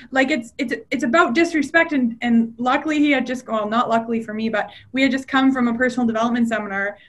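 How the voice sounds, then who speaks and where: Lively woman telling a story. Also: fairly high pitch, fast talker, few pauses. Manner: animated storyteller, acts out quoted dialogue. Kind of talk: casual chat.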